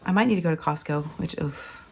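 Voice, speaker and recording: Crafting vlogger, woman, sick and hoarse, gravelly low voice, chatty and rambling, full of fillers. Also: quick pace, darkish tone. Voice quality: raspy, scratchy. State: hoarse from illness. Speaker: crafting channel host. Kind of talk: casual chat while diamond painting.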